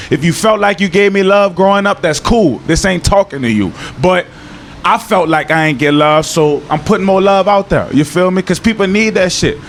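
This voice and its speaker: A young man with a thick New Orleans accent talks loose and slangy in a casual outdoor interview. His voice sits a bit high for a man, and at times he slides into a low, earnest tone. There is a faint hiss of noise behind him. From New Orleans, Louisiana. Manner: laid-back slangy talk, drops into a low earnest tone. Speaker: interview guest. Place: outdoors in Miami.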